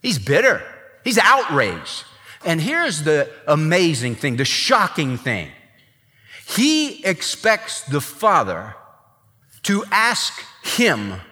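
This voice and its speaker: A man preaching a sermon in an emphatic, animated way, acting out the people he quotes. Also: a little high, slow pace. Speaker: pastor. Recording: long reverb of a large hall.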